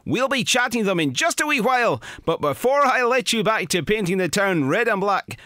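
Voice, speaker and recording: A man putting on an excitable male TV sports presenter, announcing in an over-the-top showbiz way. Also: extremely high pitch, no room sound, studio quality, full character voice. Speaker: host of a comedy spoof.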